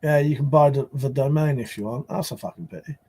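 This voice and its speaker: A man's voice: on the high side, brisk, gravelly, dark tone, breathy edge. A man hosting a casual live stream, rambling and swearing as he answers chat.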